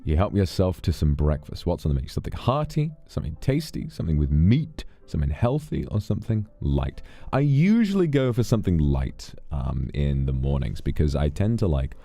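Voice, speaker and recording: Deep-voiced British man, lively rambling. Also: moderate pace, vocal fry, hardly any pauses, soft background music. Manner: rambling, swears freely, animated storytelling. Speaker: streamer. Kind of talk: casual stream chat.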